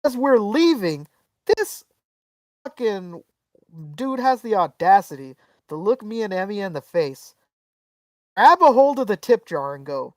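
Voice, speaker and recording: A man's voice: sits high, unhurried, long pauses, no room sound, distant mic. A man spins a long, profanity-laced anecdote for his podcast co-hosts, jumping into little voices for everyone in the story. He sits a bit back from the mic in a dry, dead room. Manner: animated storyteller, swears freely, acts out quotes. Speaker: podcast co-host. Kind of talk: casual storytelling chat.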